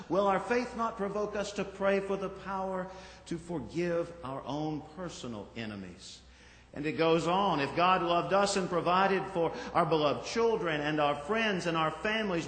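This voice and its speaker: A male pastor giving a sermon in a church, reflective and gently conversational, with small asides to the congregation. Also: high voice. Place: church sanctuary. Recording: echoey hall from far off.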